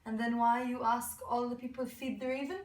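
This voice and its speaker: A woman telling a folk story aloud, halting and restarting words, asking her listeners questions. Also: on the high side, little pitch movement, a little mellow. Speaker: student storyteller. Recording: echoey room, mic far off.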